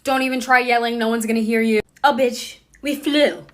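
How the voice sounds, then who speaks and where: A young woman telling a storytime in a casual, animated way, swearing freely. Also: a little high, normal speed.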